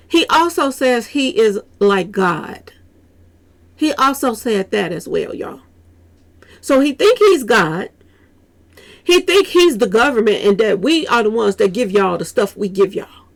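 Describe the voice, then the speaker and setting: A woman reacts to a clip for her viewers, her voice pitched a little high and swinging widely. A gravelly edge runs through her talk, and she turns to the audience with "y'all" again and again. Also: unhurried. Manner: animated, repeats "y'all" often, talks straight to viewers. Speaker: commentary channel host. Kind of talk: reaction commentary.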